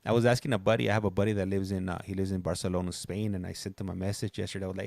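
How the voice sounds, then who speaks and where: A man with a very deep, gravelly voice hosts a livestream in loose, rambling chat. He circles back and restarts his sentences often, and the sound is dry and close. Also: level tone, rapid-fire, few pauses, a little mellow, no echo. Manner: rambling, chatty, many restarts. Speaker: livestream host. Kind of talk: casual chat.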